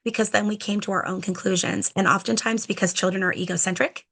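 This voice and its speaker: A woman guest on a podcast, an educator telling stories in a chatty, animated way and acting out talks with children, with plenty of "like" and "you know". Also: mid-range voice, quick pace. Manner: animated, acts out conversations with children. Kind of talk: podcast interview storytelling.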